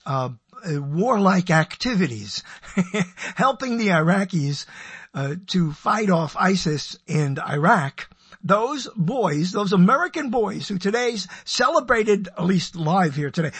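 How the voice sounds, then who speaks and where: A man's voice: sits high, a bit bright, slightly rough, no echo. An older man, a radio personality, rambling through a digressive monologue and interrupting himself with wry asides.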